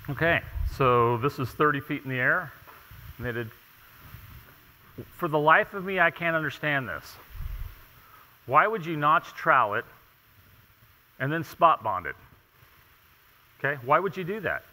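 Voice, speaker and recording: A man lecturing at a conference, emphatic and full of rhetorical questions, pausing for "okay?" again and again. His voice is very bright and forceful. Long reverb from a large hall trails behind each phrase. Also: fairly high pitch, expressive. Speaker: tile installation inspector presenting. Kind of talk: conference presentation.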